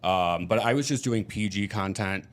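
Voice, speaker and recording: Midwestern man, low voice, candid talkative podcast guest. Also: normal speed. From Michigan. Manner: candid, chatty storytelling. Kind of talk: casual chat.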